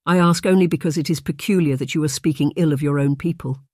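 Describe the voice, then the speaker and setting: A proper young English gentlewoman speaks primly, as a male narrator puts her on, his voice raised a little above its usual level. The read is dry and close. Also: a little high, fast, no room sound, close to an everyday voice.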